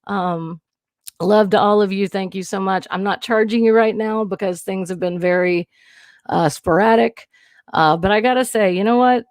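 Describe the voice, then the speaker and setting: A woman's voice: mid-range voice, steady tone, moderate pace, no room sound, clean studio sound. A woman hosting a casual livestream, talking candidly and rambling, nervous and emotional. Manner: rambling, candid, frequent restarts and swearing. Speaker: livestream host. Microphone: new studio mic.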